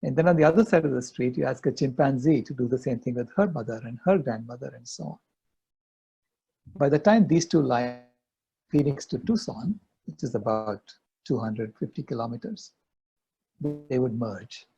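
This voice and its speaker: Gravelly older man telling a story. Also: medium pitch, normal speed, warm tone. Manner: earnest, anecdotal storytelling. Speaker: guest. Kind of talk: conversational interview storytelling. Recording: dull lo-fi audio.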